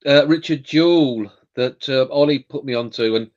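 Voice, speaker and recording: A man's voice: medium pitch, normal speed. A man chatting candidly on a livestream, reflective and loosely phrased. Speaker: livestream co-host. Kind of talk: casual chat. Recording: dull lo-fi call audio.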